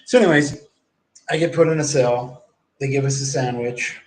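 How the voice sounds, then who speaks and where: A man's voice: mid-range voice, normal speed, a little mellow. Profane rambling man in his forties. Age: 40s. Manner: profane, rambling, acts out others' lines in quotes. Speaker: livestreamer. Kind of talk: rambling first-person storytelling. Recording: echoey room with faint background noise.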